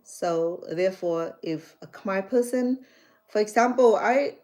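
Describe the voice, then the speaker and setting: A woman's voice: mid-range voice, slow. A middle-aged woman from Cambodia with a Cambodian accent, chatting casually to her viewers and acting out conversations as she tells stories. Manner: animated storytelling, acts out dialogue, frequent restarts. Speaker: chef and vlogger.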